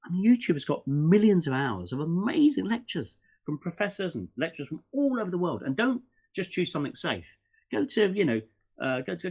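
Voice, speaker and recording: A middle-aged man holds forth as a podcast guest, his pitch rising and falling in lively swings. He talks fast and rambles, tripping into restarts and peppering his talk with fillers. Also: breathy edge. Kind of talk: casual interview chat.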